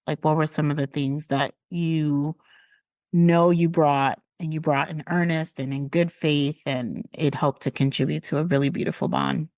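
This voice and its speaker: A woman's voice: deep voice, fairly even intonation, normal speed, no echo. A woman hosting a podcast, asking probing questions in a casual, affirming way. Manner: warm, probing questions with frequent affirming hums. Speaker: podcast host. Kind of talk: casual interview chat.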